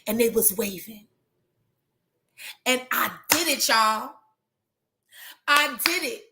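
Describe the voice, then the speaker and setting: Animated woman with a fairly high voice. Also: measured pace, pauses often. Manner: animated storytelling, talks straight to her audience as "y'all". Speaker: trichologist and hair business coach. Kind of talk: motivational casual talk to viewers.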